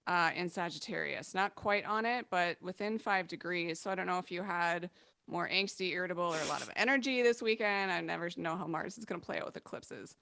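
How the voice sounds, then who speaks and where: A woman astrologer chatting casually on a podcast, laughing often and acting out quick quoted remarks from clients. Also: on the low side, vocal fry, bright, forceful tone, no echo, clean studio sound.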